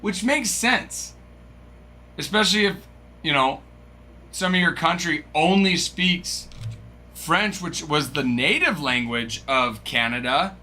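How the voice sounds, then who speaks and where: Bright clear guy rambling on a live stream, faint hum behind, just chatting with chat. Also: fairly high pitch, animated, slow. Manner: chatty, musing aloud, reads from a screen, stumbles over French names. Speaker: card break streamer.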